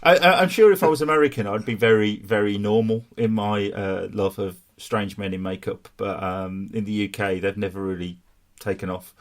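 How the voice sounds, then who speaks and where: A man's voice: lowish voice, moderate pace, few pauses. A man with a Black Country accent hosting a podcast over a video call, chatting casually and laughing often. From England. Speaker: podcast host. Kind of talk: casual chat.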